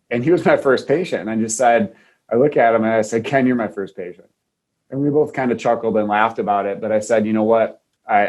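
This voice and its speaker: A man's voice: lowish voice, a little mellow. A man from Wisconsin, a chiropractor, telling a heartfelt personal story in an earnest way, often restarting his sentences. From Wisconsin, USA. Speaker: chiropractor, podcast guest.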